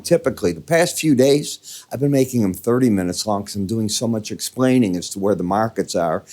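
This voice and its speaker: A man's voice: medium pitch, darkish tone. An older man with a Midwestern American accent giving chatty, conversational market commentary, walking through charts with folksy asides.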